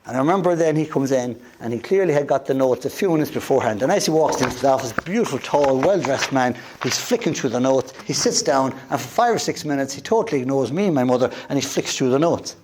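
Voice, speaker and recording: An Irish man giving a motivational talk as a guest speaker, telling a personal story in an animated way and acting out the voices of the people in it. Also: mid-range voice, fast talker, hardly any pauses. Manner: animated storyteller who acts out quoted voices. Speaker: guest speaker at a wellness event.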